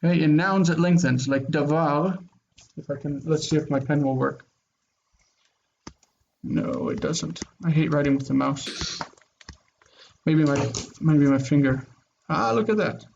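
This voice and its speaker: A man with a somewhat high voice teaches an online grammar class. He explains step by step in an easygoing way, with ums and restarts. The audio is dull and lo-fi, like a computer mic on a video call. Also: unhurried, gravelly, long pauses, darkish tone, slight background noise. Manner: casual, explains step by step with fillers.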